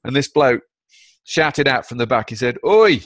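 A man, a guest author, telling stories in a blunt, energetic, chatty way with the odd swear word. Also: mid-range voice, moderate pace, no echo. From United Kingdom. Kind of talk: casual chat, storytelling.

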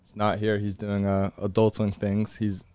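A man's voice: fairly low pitch, completely flat delivery, moderate pace, a little mellow, smooth, no room sound. A young man in college hosting a casual podcast recorded in a truck, joking and bantering with his guests. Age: young adult. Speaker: podcast host. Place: inside a truck.

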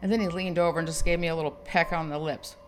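A woman co-hosting a podcast, telling a dating story in casual chat, animated and laughing as she goes. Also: low voice, quick pace, over music. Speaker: podcast co-host.

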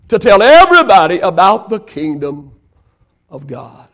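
High-voiced preacher, pastor. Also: male voice, big pitch swings, unhurried, a bit bright. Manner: preaching with rising emphasis and rhetorical questions. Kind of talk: sermon.

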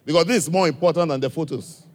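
A man's voice: on the high side, fast, darkish tone. A man with an African accent addressing a church gathering, questioning listeners directly in a coaxing way. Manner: coaxing, direct, asks the audience many questions.

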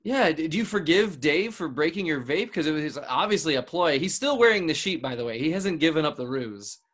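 A man's voice: a little high, expressive, brisk, fairly bright tone. A man playing a flustered, apologetic talk-show doctor who stammers and restarts constantly, hosting an improvised comedy podcast. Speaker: host.

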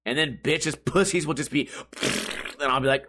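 A man's voice: on the high side, normal speed, sharp tone, slight background noise. A young man hosting a comedy podcast, telling a self-mocking story casually, swearing and laughing at his own jokes. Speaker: podcast host.

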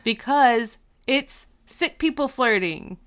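A woman's voice: a little high, slow pace, clean tone. A woman co-hosting a casual podcast, chatting enthusiastically about a TV episode with lots of "like"s. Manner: enthusiastic, lively retelling with many "like"s. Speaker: podcast co-host.

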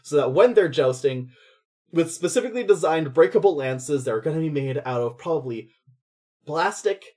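A chatty man with a slightly raised, husky voice talks through ideas in a loose, laughing way. He is co-hosting a casual podcast conversation. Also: on the high side, animated, normal speed, a little mellow. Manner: chatty, laughing, acts out quoted lines. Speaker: podcast co-host.

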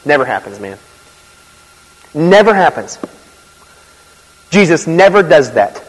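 A man preaching a sermon in a conversational, animated way, with asides and quick laughs. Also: a little high, breathy edge. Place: church. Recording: reverberant hall.

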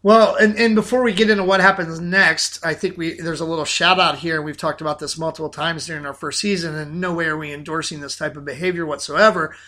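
Lively high-voiced man chatting about films. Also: a little fast, few pauses. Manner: animated, repeats words, many restarts. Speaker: podcast co-host. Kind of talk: casual film discussion.

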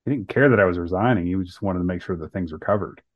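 A man with a very low voice tells a personal story on a podcast, earnest and full of ums and restarts. The sound is dry and somewhat dull, with no room echo. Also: fast, husky. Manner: earnest, many fillers and restarts. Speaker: podcast co-host.

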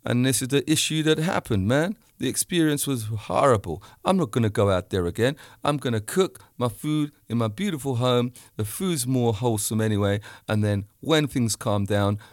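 A man's voice: medium pitch, normal speed, hardly any pauses, no room sound, clean studio sound. A man from the UK talking straight at the listener in a ranting monologue, acting out both sides of his stories. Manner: animated storytelling, acts out both sides of dialogue.

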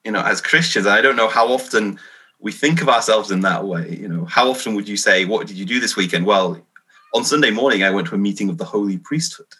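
This is a man raised in England who works as a minister, answering interview questions in an earnest, thoughtful way. His voice sits fairly low, with a bright, forward tone, and he pokes gentle fun at himself as he talks. He sounds like he is thinking his answers through as he goes. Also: a little fast, breathy edge, low-quality recording. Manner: earnest, reflective, self-deprecating. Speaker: Free Church minister.

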